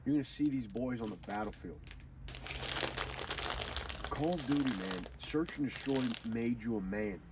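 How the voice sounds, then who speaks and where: A man's voice: mid-range voice, moderate pace, pauses often. Rambling, swearing young man, distant mic. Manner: preachy, profane, loosely rambling. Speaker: gaming video host. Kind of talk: casual rambling monologue over gameplay. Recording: distant mic with clear background noise.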